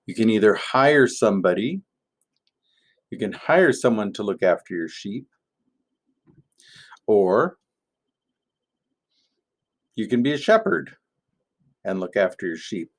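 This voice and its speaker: A man, a pastor, giving a gentle, playful family sermon in an object-lesson style, with many pauses as he tells a story. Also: lowish voice, big pitch swings.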